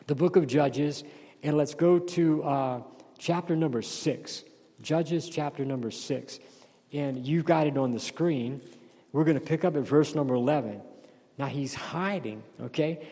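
A man's voice: on the high side, measured pace, mellow. Emphatic preaching man in a reverberant hall. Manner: emphatic preaching, asks the congregation questions. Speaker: pastor. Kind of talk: sermon.

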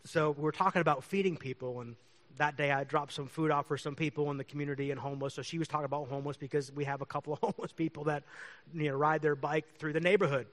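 A pastor, a man, tells neighborhood stories in easygoing, rambling chat. His voice sits a bit high for a man, and he chuckles often as he goes. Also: steady tone, fast talker, a bit bright. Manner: chatty, rambling, laughs often. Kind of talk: casual storytelling.

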